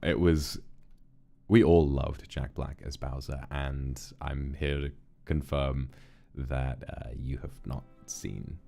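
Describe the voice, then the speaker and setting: A man hosting a livestream, giving a casual film review in an animated, rambling way, often correcting himself mid-sentence. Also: rumbling low, takes it slowly, vocal fry. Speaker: streamer host.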